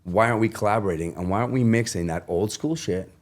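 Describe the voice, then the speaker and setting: A middle-aged man chatting on a podcast as the guest, telling stories with lots of swearing and quick acted-out voices. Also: on the low side. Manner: animated storyteller, swears freely, acts out voices. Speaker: guest singer. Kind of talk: casual podcast chat.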